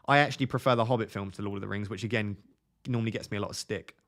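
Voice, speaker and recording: A man's voice: on the low side, very fast, fairly bright tone. A man in his twenties on a casual live stream, reading viewers' comments aloud and answering them. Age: 20s.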